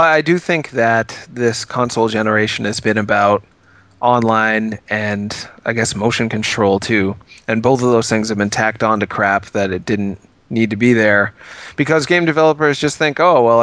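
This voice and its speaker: A man's voice: fairly low pitch, moderate pace, fairly bright tone, no echo. Easygoing man on a dry mic. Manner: easygoing, self-conscious, chatty. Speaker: podcast co-host. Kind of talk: casual podcast chat.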